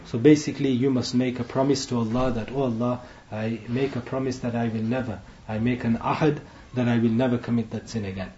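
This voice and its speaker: Man teaching a sermon, mellow and echoey. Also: medium pitch, steady tone, a little hiss or hum. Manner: teaching, checking in with frequent asides; chants Arabic verses quickly. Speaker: imam. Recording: echoey, dull room sound.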